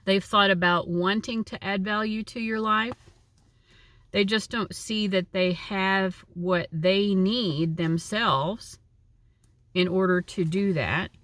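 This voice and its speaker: A woman's voice: medium pitch, takes it slowly, a bit bright. A woman giving a casual, chatty tarot reading, with a lot of likes and you knows. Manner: chatty, uses many fillers. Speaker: tarot reader.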